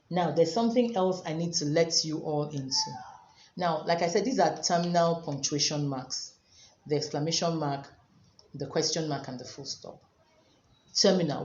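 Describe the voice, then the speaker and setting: A woman teacher giving a virtual English lesson, explaining slowly with repetition and emphasis. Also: low voice, a little mellow. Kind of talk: virtual class lecture. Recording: roomy, dull lo-fi recording.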